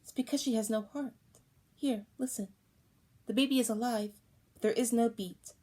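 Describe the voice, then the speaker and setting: A woman voicing a village midwife who seems sweet and speaks gently as she gives grim, ominous advice. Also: a little high, steady tone, moderate pace, pitched above the performer's own voice, natural voice.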